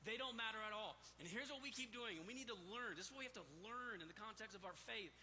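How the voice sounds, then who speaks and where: Male pastor, fired-up emphatic sermon delivery, very bright tone, long church reverb. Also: high-pitched, quick pace. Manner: impassioned, emphatic, repeats key words. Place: church sanctuary stage. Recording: reverberant hall, faint room noise.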